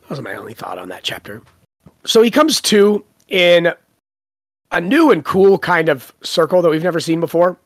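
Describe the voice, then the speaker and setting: A relaxed podcast co-host who muses about the book, filling pauses as the thoughts come. The voice sits at a middle pitch and is recorded close and dry, with no room sound. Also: no room sound. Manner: relaxed, musing opinions with fillers. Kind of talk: casual book club chat.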